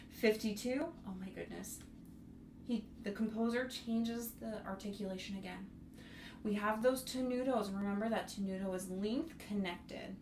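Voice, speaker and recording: A woman's voice: mid-range voice, moderate pace, darkish tone. A woman teaching young students a piece, speaking in an encouraging way and singing rhythms on syllables to show them. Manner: sings rhythms on syllables to demonstrate. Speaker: bassoon instructor. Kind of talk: music tutorial. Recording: roomy, mic at a distance, faint noise.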